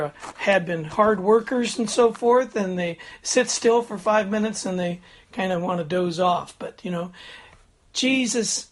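Older man, pastor, folksy chatty sermon, chuckles, checks in with the congregation, standing at the front. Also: sits high. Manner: chatty, chuckles, frequent "Amen?" and "Okay?" check-ins.

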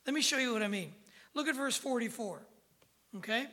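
Woman pastor preaching, bright voice, kinda high, keeps asking okay? amen?. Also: expressive, a little fast, long pauses. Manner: emphatic, checks in with the congregation often. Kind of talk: sermon.

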